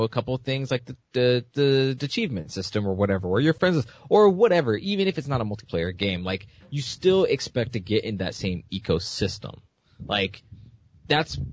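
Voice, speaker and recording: Male podcast host, low voice, dry dull lo-fi sound, loose rambling delivery. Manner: rambling, many fillers and restarts. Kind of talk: casual gaming news chat.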